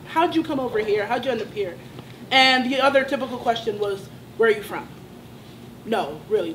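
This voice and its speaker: A young college woman speaks at a student sit-in, telling her own story with passion and rising indignation. Her voice sits high, and it builds from quiet, hurt moments into heated outbursts. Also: slight background noise, low-quality recording. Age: young adult. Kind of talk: personal testimony at a student sit-in.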